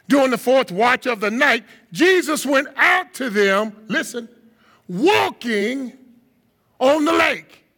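A man with a strikingly high, bright, forceful voice preaches from the pulpit, lively and theatrical. Gravel creeps into his tone, and his words ring out in a large hall with long reverb. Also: slow pace. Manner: animated preaching, acts out voices of disciples with sudden high shouts. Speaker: guest speaker. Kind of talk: sermon.

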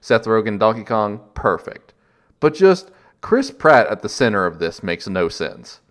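A man's voice: on the low side, big pitch swings, measured pace. Wry joking male podcast host. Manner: wry, joking, laughs often. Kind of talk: casual chat.

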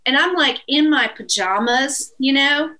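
A woman's voice: high voice, unhurried, poor audio. A middle-aged woman from East Texas with a Texan accent, telling a story as a guest and laughing as she goes. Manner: animated, laughs through her story. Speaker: guest musician. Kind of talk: casual storytelling.

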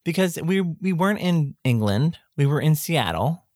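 A woman's voice: low-pitched, moderate pace, no room sound, clean studio sound. A woman audiobook narrator chatting casually and agreeably with a colleague. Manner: relaxed, agreeable, backchannels a lot. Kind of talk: casual chat.

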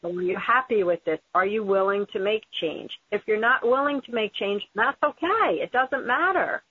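A woman's voice: mid-range voice, moderate pace, slightly rough, no room sound. Woman host, earnest and encouraging, sounds like over the phone, dry. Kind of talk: conversational interview. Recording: phone-like tinny audio.

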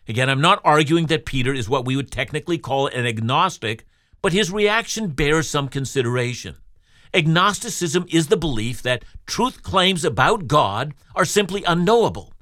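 A man preaching a radio sermon in an expressive, rhetorical way, speaking directly to his listeners. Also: on the high side, moderate pace, dry recording, studio quality. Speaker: Bible teacher.

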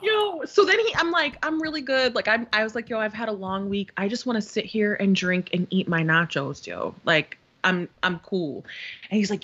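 A woman's voice: medium pitch, normal speed, muffled recording. A woman in her thirties co-hosting a podcast, telling a story in casual chat, acting out what others said, swearing and laughing often. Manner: animated storyteller, acts out quotes, swears freely, laughs often. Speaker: podcast co-host.

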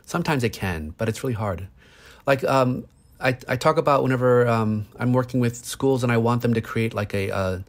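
A man in his thirties, a psychologist, explaining earnestly in a conversation with everyday examples. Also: medium pitch. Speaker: psychologist guest.

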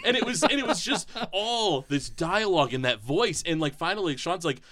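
A man's voice: fairly high pitch, animated, normal speed, pushed and bright, slight background noise. A man co-hosting a casual podcast, talking enthusiastically and rambling with lots of fillers. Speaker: podcast co-host.

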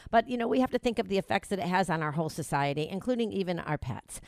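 A woman's voice: fairly low pitch, lively intonation, quick pace, a little mellow, no room sound. A woman hosting a talk show, chatting in a rambling way with many restarts and fillers. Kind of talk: casual talk show chat.

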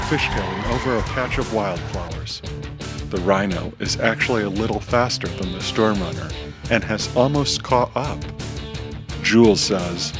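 A man giving scripted audio drama narration in a brisk, plain manner. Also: lowish voice.

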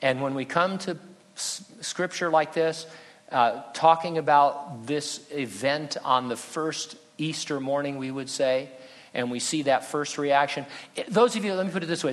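A man's voice: fairly high pitch, fairly bright tone. A male pastor preaching an earnest, conversational sermon with touches of humor. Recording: long reverb in a hall.

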